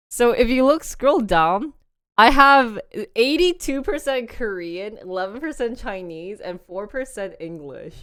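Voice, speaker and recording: This young livestream host has a fairly high, clear, resonant voice captured in studio quality with no room sound. She chats loosely, laughs often, and reads short sample passages aloud to a phone app.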